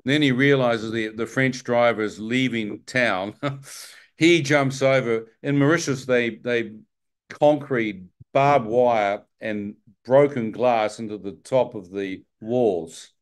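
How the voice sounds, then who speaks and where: A man giving a personal testimony as a lively storyteller, self-mocking and chuckling as he goes. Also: medium pitch, slow. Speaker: testimony speaker.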